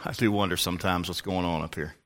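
A man's voice: low voice, fairly even intonation, fast talker, fairly bright tone. An older man, a pastor, preaching a sermon in an emphatic, folksy way with asides to the congregation.

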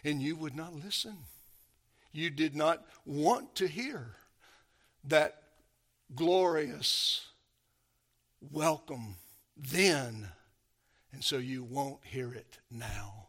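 A man preaching a sermon, emphatic, swinging from hushed to loud and urgent, calling his listeners beloved. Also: on the high side, very slow, long pauses.

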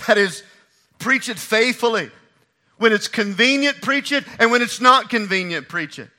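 A man preaching a sermon, driving home repeated phrases and swinging from hushed lines to shouted ones. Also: extremely high pitch, expressive, normal speed. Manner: repeats and drives key phrases.

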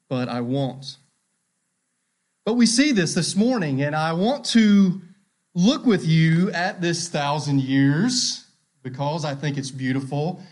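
A man in his thirties preaching a sermon, earnest and emphatic, repeating key phrases and slowing for emphasis. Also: fairly high pitch. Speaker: pastor.

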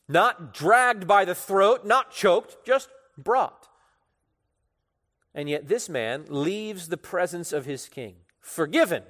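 A pastor preaching an expository sermon, emphatic, with sudden rises and falls in loudness. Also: male voice, sits high, in a large hall.

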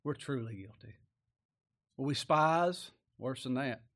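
A man preaching a sermon in a folksy way, asking rhetorical tag questions and moving between loud emphatic lines and quiet, slowed asides. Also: medium pitch, lively intonation.

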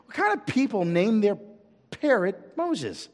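A man's voice: high-pitched, very animated, a little slow, long reverb tail, voice pushed up. A man playing a startled male burglar who stammers out flustered questions.

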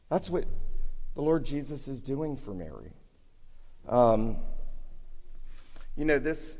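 In a church sanctuary with long hall reverb, a pastor preaches a sermon, building earnestly toward emphatic peaks. His voice is medium in pitch, a little mellow, and somewhat scratchy.

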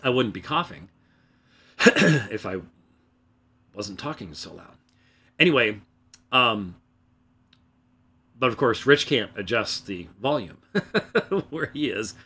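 A man hosting a religious program alone in a small room, talking emphatically and loudly into a close microphone, restarting his sentences. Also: medium pitch, expressive, slow pace, pauses often, husky. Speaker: host of a religious debate program. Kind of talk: solo spoken commentary. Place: small room, away from the usual studio.

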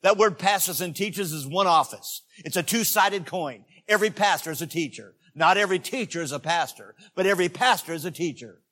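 A man preaching a sermon as a visiting evangelist, folksy and joking, swinging between loud peaks and hushed asides. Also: sits high, expressive, brisk, few pauses.

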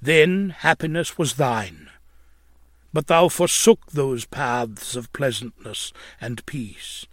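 A man's voice: medium pitch, takes it slowly, dry recording, clean studio sound. A man narrating an old religious tract in a solemn, mournful, preaching manner, swelling at points of emphasis.

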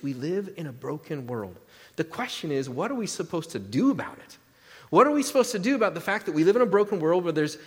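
A man preaching a sermon in a church sanctuary, his voice sitting a little high for a man. He keeps it conversational, with jokes and questions to the congregation. A long reverb trails his words through the hall. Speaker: pastor.

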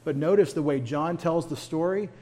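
A man's voice: fairly high pitch, normal speed, mellow. A man leading a church Bible study in a folksy, conversational way, with humorous asides.

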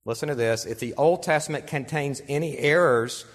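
Earnest male pastor preaching in a reverberant hall. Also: fairly high pitch. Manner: earnest preaching, reads quotations aloud, slows for emphasis. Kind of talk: sermon. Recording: long reverb in a large hall.

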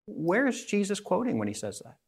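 A man's voice: high-pitched, huge pitch swings, brisk, breathy edge. A man preaching a sermon, earnest and putting rhetorical questions to his listeners.

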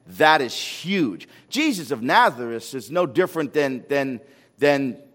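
A man preaching a sermon as a pastor, animated, firing rhetorical questions and repeating words when he gets excited. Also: mid-range voice, unhurried. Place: church sanctuary. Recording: long hall reverb.

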